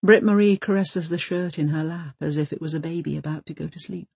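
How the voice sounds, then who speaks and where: A woman narrating an audiobook in a calm, measured reading. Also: sits low, gravelly, slightly rough, no room sound.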